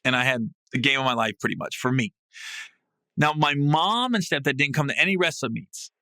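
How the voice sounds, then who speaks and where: A man hosting a podcast, telling a comic story in a casual, salty way, often breaking into loud, high laughing bursts. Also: fairly quick, no echo. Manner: animated, swings into loud, high laughing outbursts; salty, casual, swears freely. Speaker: podcast host. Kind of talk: comedic storytelling monologue. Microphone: podcast mic.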